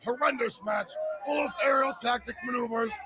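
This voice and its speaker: A man's voice: very high voice, moderate pace, a loud crowd, heavy background noise. A man doing sarcastic, crude comic wrestling color commentary.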